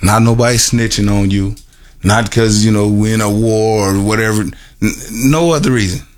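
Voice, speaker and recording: A middle-aged or older man giving an earnest personal testimony to a group, with halting, repetitive phrasing and many restarts. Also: on the low side, steady tone. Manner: earnest and emotional, laughs at himself. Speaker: formerly incarcerated man telling his story.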